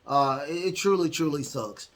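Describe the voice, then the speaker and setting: Rambling man recapping wrestling, higher voice. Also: animated, moderate pace, a bit bright. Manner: rambling, heavy fillers, acts out quotes. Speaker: podcast host.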